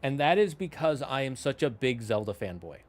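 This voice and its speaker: A man's voice: mid-range voice, sing-song, moderate pace. Rambling young man chatting on stream. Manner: rambling, self-correcting, talks in asides to chat. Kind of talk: casual chat to a live stream.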